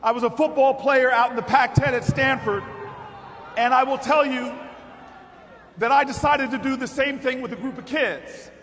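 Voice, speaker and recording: Guy with a really high voice yelling a political rally speech, tells a story then builds up, big echoey hall, crowd in the back. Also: normal speed, slight background noise. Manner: storytelling, building to shouted repeated calls. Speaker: political speaker at a party convention. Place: large convention hall with audience.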